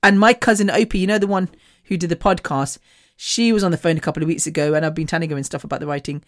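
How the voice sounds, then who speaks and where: On the low side and fairly even in intonation, this woman's voice moves fast. Hosting a podcast, she candidly tells a personal story in a chatty way, swearing freely and laughing often.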